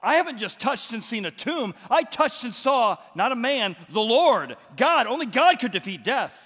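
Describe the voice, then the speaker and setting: A man playing an ecstatic woman in a sermon story. His voice climbs well above his normal speech and bursts out loudly. Long reverb from the hall follows. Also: very high-pitched, very animated, moderate pace, slightly rough, pitched above the performer's own voice, full character voice. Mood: overjoyed. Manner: raised, ecstatic and emphatic. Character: grieving woman suddenly overjoyed, Mary.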